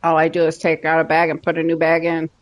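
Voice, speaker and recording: A woman's voice: deep voice, monotone. A woman game streamer chatting casually and teasing her viewers and pets while she plays. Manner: playful, teasing, drawn-out. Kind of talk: casual chat while gaming.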